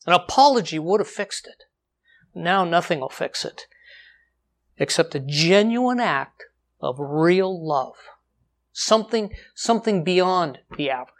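Guy preaching, goes slow on the verses then shoots way up loud, drops to near quiet too. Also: lively intonation. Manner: dynamic delivery, slows for scripture, jumps high for emphasis, drops to quiet. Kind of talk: sermon.

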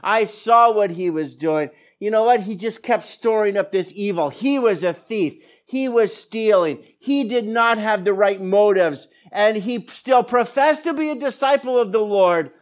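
A man's voice: high-pitched, unhurried. A middle-aged man preaching a sermon as pastor, telling stories with quoted dialogue. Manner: animated storytelling with quoted dialogue.

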